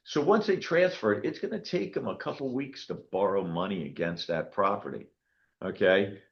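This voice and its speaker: A man in his sixties, a county clerk, telling stories to a meeting in an animated way and often checking in with "okay?". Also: fairly low pitch, normal speed, vocal fry, muffled recording. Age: 60s. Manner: animated storytelling, frequent "okay?" check-ins. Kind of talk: public meeting talk.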